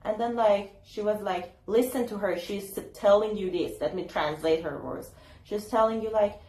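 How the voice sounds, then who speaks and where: A woman's voice: mid-range voice, moderate pace, a little mellow, echoey room, rough recording. A young woman talking casually to camera in an advice vlog, chatty and full of fillers, acting out what people said. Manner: chatty, lots of fillers, acts out quotes. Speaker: YouTuber.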